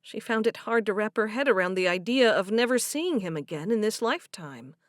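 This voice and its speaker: Brief: female audiobook narrator, animated but measured, dry close mic. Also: medium pitch, no echo. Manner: even, measured storytelling. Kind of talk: scripted narration.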